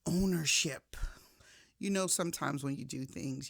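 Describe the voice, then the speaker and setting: A woman giving a faith-based motivational talk in a casual, conversational way, shifting from soft reflection to emphatic storytelling. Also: sits low, unhurried, gravelly, breathy edge, no room sound, studio quality. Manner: casual, conversational, addresses listener directly. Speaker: motivational speaker.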